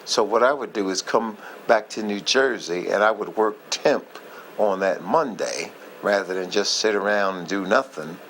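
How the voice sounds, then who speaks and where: A man casually reminiscing in a heartfelt, rambling way, often halting and losing his thread. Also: lowish voice, a bit bright, slight background noise, poor audio. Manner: heartfelt, moved by the memory. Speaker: vlogger sharing memories.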